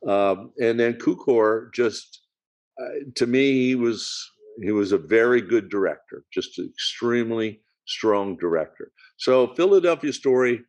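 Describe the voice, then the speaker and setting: Man, slow delivery, halting, searches for words, casual film chat. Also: medium pitch, lively intonation, darkish tone, highs cut off.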